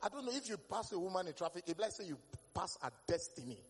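Nigerian male comic, animated storyteller, husky high voice in an echoing hall. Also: fast. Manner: animated storytelling in Nigerian Pidgin-laced English, loud bursts. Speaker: stand-up comedian. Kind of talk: stand-up comedy set.

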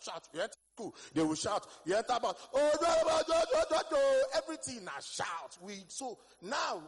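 A Nigerian man with a Nigerian accent doing a stand-up comedy set, telling stories in Pidgin-flavored English with sudden bursts of shouting. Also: high-pitched, slightly rough, in a large hall.

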